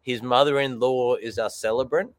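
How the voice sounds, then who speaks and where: An Australian man talks over drinks in a loud, laughing way, swearing freely. His voice sits at an ordinary middle pitch. The talk is loose and casual. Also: steady tone, normal speed, dry recording. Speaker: whisky guest.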